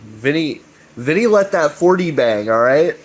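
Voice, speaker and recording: In a slightly high, expressive voice, a man recaps a web series at an unhurried pace, rambling casually. He swears often, leans on fillers like "you know" and "right," and comes across as chummy; the recording quality is low.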